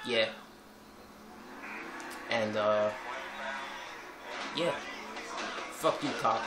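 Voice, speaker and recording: A man's voice: fairly low pitch, extremely slow, pauses often. A young man giving casual, profane gameplay commentary, swearing and rambling as he plays. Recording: echoey room with game music behind.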